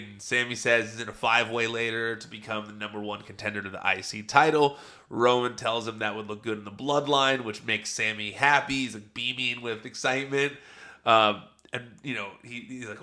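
A man's voice: medium pitch, steady tone, fairly quick, sharp tone. A man giving a chatty, enthusiastic casual recap, rambling into asides as he goes. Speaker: wrestling show reviewer.

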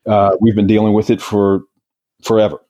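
Low mellow guy, ex negotiator, telling a war story, stumbles and restarts a lot. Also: flat delivery, moderate pace, lo-fi sound. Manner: vivid retelling, with repeated restarts. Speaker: former hostage negotiator. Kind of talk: storytelling in an interview.

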